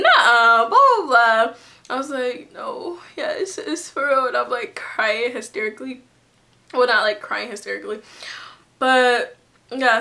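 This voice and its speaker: Bright-voiced young woman vlogging. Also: a little high. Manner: chatty, many fillers and restarts. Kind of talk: casual storytelling to camera.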